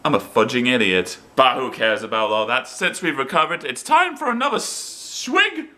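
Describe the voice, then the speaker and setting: A man's voice: mid-range voice, very animated, moderate pace, bright, forceful tone. A man with an English accent hosting a comedy video, reading stories aloud with playful asides. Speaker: host. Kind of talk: comic storytelling video.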